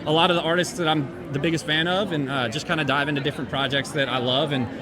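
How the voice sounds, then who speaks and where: Quick, modest man amid crowd noise. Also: on the high side, fairly even intonation. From North Carolina. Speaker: songwriter guest. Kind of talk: interview. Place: red carpet outdoors.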